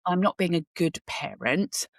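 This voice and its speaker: A woman hosting a podcast, talking reflectively with halting pauses. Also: on the low side, animated, creaky, no room sound, studio quality. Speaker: podcast host. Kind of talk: casual chat.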